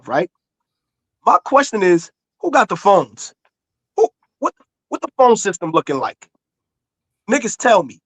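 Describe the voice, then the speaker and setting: A man's voice: high-pitched, very animated, unhurried, pauses often, a bit bright, no room sound. A man, arguing heatedly in casual talk, insistent and repeating himself to be heard. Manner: insistent, repeats himself, talks over others.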